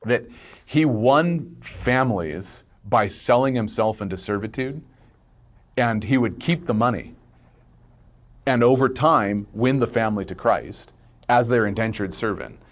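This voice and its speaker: Man, low voice, storytelling, casual conversation, animated quotes. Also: measured pace. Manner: animated storyteller, acts out quotes, laughs often. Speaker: guest minister.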